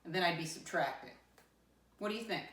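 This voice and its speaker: A woman teaching first graders a math lesson in a lower, sing-song voice, counting numbers out loud and coaxing the class along. She sounds a little far from the microphone, in a roomy, echoing space. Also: expressive, a little fast. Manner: sing-song teacher voice, counting aloud, calls listeners "my friends". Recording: roomy sound from a distant mic.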